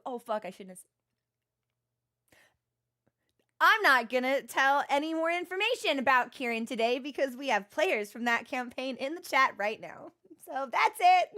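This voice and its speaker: A woman's voice: sits high, animated, measured pace, bright, forceful tone. A young woman streaming and chatting with viewers, rambling and self-deprecating, often restarting her sentences. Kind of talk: casual chat with stream viewers.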